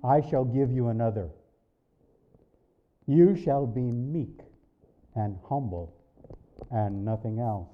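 A man's voice: a little hiss or hum, lightly acted. Man putting on a stern, solemn divine voice. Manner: slow, low and solemn. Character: divine male voice, firm, stern, commanding. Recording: dull lo-fi recording.

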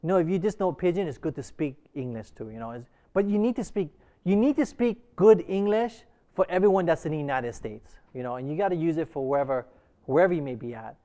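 A man's voice: a little high, expressive, fast talker, mellow. A man leading an interactive Bible class, asking the group many short questions. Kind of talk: interactive church class discussion.

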